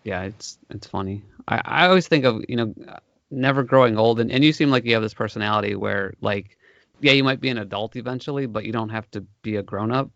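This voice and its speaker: A man co-hosting a podcast, from Ohio, chatting casually and rambling through stories with lots of "like" and animated bursts. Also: lowish voice, brisk, creaky, no echo. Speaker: podcast co-host. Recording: dry, slightly dull sound.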